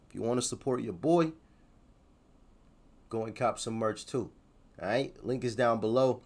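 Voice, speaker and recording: A man hosting a reaction video, talking casually in a joking, slangy way. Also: medium pitch.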